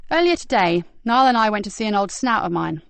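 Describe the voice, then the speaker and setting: A woman narrator voicing a blunt female police constable who speaks plainly and briskly. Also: mid-range voice, big pitch swings, fairly bright tone, clean tone, dry recording. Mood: worried.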